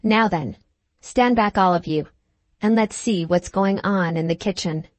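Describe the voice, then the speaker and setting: A woman voicing a male police sergeant who gives brisk, authoritative orders. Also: mid-range voice, no echo, lightly acted.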